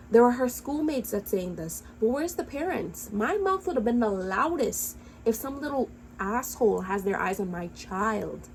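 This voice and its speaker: A woman's voice: fairly high pitch, darkish tone, a little hiss or hum, poor audio. A woman giving heated, blunt reaction commentary, ranting angrily and swearing freely. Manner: angry, impassioned ranting; blunt, profane. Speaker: commentary vlogger.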